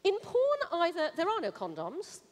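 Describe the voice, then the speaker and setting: High, lively woman giving an emphatic talk. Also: normal speed. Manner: emphatic, punchy, blunt. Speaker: conference speaker. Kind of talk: conference keynote talk. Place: conference stage. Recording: reverberant hall.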